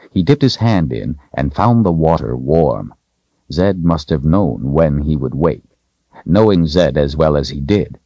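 Deep, expressive male audiobook narrator. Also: no echo, muffled recording. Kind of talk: scripted narration.

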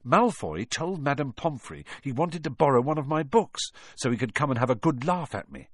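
A man's voice: mid-range voice, lively intonation, moderate pace, breathy edge, dry recording, voice pushed up. A man voicing an anxious young boy whose voice climbs as he frets. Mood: worried.

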